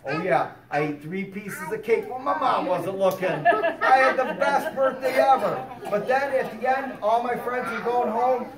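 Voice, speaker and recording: A man performing a fire safety show for preschoolers, telling a story in an animated, sing-song way. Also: very high-pitched, measured pace, a crowd in the background. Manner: animated, sing-song, talks down warmly to little kids. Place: preschool classroom. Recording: roomy, distant, with children and noise. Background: young children chattering and answering.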